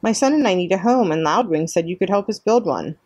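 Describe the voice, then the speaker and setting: Polite formal robot mom from a storybook, read by a woman, gentle and exact. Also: medium pitch, lively intonation, fairly quick, natural voice. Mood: calm. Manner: precise, polite, formal speech. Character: gentle calm female robot, adoptive mother.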